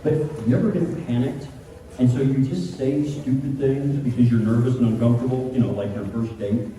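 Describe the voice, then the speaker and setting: A man's voice: mid-range voice, brisk. A middle-aged man telling comic stories to a crowd at a convention panel, acting out voices as he goes, heard from the audience. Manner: animated, acts out voices in his stories. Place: large convention panel room. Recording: echoey hall, distant mic, room noise.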